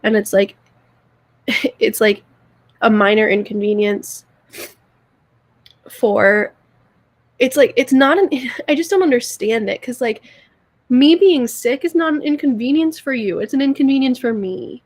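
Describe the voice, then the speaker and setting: A woman's voice: fairly high pitch, unhurried, pauses often, no echo. Earnest young woman, dry close sound. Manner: earnest, repeats words, rambling restarts. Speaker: podcast co-host. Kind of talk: heartfelt casual chat.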